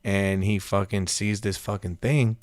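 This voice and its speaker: Slangy low-voiced man telling stories. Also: steady tone, a little slow, dry recording. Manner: profane slangy storyteller, acts out quotes. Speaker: podcast co-host. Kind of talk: casual storytelling chat.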